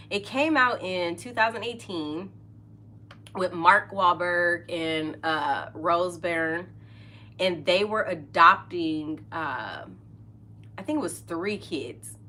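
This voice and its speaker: A woman's voice: on the low side, takes it slowly, bright, forceful tone, a little hiss or hum. A middle-aged woman hosting a podcast, chatting casually and openly, often laughing and trailing off mid-sentence. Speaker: podcast host. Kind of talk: casual chat.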